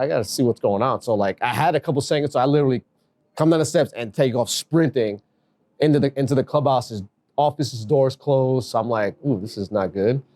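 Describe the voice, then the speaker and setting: Guy on a podcast, telling a story, voices the quotes, pretty animated. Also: mid-range voice. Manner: animated, acts out quoted dialogue. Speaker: guest, acting baseball manager. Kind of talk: casual storytelling interview.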